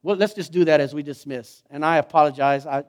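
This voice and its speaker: Fervent high-voiced man preaching. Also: fairly quick. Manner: storytelling, swings from hushed to fervent. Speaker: pastor. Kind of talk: sermon.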